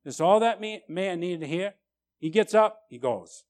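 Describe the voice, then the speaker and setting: A man preaching a sermon, emphatic, tagging lines with "right?" and swinging between loud and quiet. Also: high-pitched, expressive, moderate pace. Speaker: pastor.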